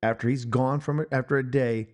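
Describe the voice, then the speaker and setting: A man's voice: medium pitch, a little fast. A man co-hosting a podcast, ranting in casual, profane film-review banter with mocking humor. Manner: profane, animated, mocking rants. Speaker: podcast co-host. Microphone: headphones and studio mic.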